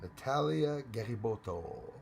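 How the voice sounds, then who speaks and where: Guy hosting a late livestream, rambling, shouting out viewers by name, mid pitch. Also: expressive, unhurried, vocal fry, slight background noise. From Canada. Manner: rambling, greets viewers by name, frequent restarts. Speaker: live stream host. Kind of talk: casual live chat greeting viewers.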